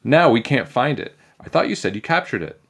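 A man voicing a bossy, know-it-all girl who shouts at grown-ups. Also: mid-range voice, very animated, brisk, creaky, husky, voice pushed up, heavily acted. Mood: bossy yelling.

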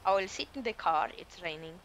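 His voice is high with lively intonation, a little fast and a bit bright, and there's a little hiss or hum. He's streaming a role-play game as a garbage collector, joking around in put-on accents and slightly broken English.

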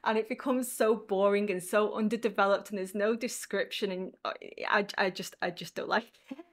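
A woman's voice: medium pitch, fairly even intonation, brisk. A woman English teacher explaining writing tips in a casual, chatty video lesson.

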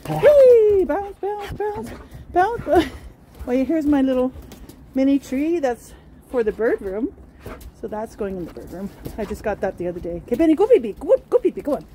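High, mellow-voiced woman cooing at pets. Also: fairly quick, slight background noise. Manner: sing-song baby talk to pets, excited cheers. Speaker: pet vlogger. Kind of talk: casual home vlog. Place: home with pets, partly outdoors in snow.

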